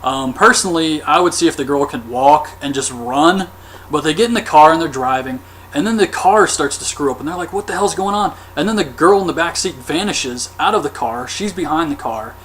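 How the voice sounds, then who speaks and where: A man with a fairly high voice recaps a horror film in a loose, chatty way. He rambles on, dropping "um" and "like" as he goes, with a faint hum in the background. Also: animated, fairly quick, fairly bright tone. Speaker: movie reviewer. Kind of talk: casual movie recap vlog.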